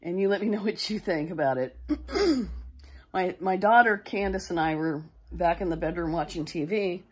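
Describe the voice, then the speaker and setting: A woman's voice: fairly low pitch, animated, moderate pace, breathy edge. A middle-aged woman casually telling a personal ghost story to her viewers, rambling and interrupting herself as she goes. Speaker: vlogger.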